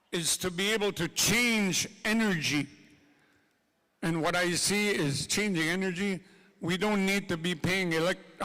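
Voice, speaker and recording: A man with a high-pitched voice speaks passionately to a gathering, repeating his lines and asking the crowd questions. His voice carries a long reverb from a large hall. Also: pushed and bright. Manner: impassioned, repetitive, addresses the audience directly. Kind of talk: public speech to a gathering.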